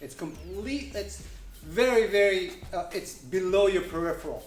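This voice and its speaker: A man's voice: sits high, animated, moderate pace. A man teaching kung fu kicks in a casual, joking way, with many fillers and restarts. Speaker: kung fu instructor. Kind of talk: casual demonstration lesson. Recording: echoey room.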